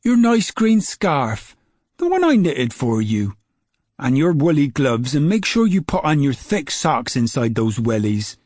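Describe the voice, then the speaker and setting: A man's voice: medium pitch, very animated, a little slow, a little mellow, no echo, clean studio sound, voice pushed up. A man voicing a fussy, caring old grandmother in a storybook reading. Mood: fussing. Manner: fussing, motherly instructions.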